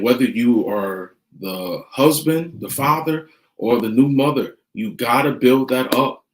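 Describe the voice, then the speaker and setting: A middle-aged man gives earnest family advice straight to the camera, circling back to his main points again and again. His voice sits in a mid range and carries a noticeable roomy echo. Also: medium pitch. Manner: earnest, repeats key points, retells scenes with quoted dialogue. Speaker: vlogger giving family advice. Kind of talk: casual monologue to camera.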